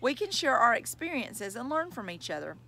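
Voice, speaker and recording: Give me a woman playing a gentle, reassuring school counselor. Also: on the high side, big pitch swings, normal speed, vocal fry, full character voice.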